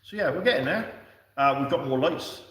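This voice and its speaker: A man's voice: a little high, expressive, normal speed, fairly bright tone. A man hosting a casual livestream, chatting and answering viewers in a rambling way with fillers and restarts. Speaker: livestream host. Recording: echoey room, distant from the mic.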